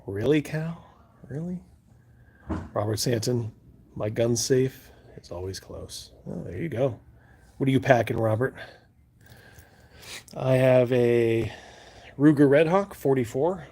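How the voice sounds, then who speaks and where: Man, live stream host, casual storytelling, rambling, laughs often, loud bursts when acting out panic. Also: mid-range voice, expressive, takes it slowly, gravelly, pauses often, slightly rough. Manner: rambling, laughing, acts out his own panic loudly. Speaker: livestream host.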